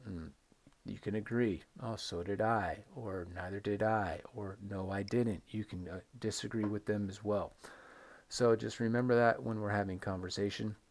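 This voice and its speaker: Guy teaching english on a recorded video lesson, kinda low voice, drags out examples, keeps saying right?. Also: fairly even intonation. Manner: slow, emphatic modeling of intonation with rising and falling examples; repeats words for stress, frequent "right?" checks.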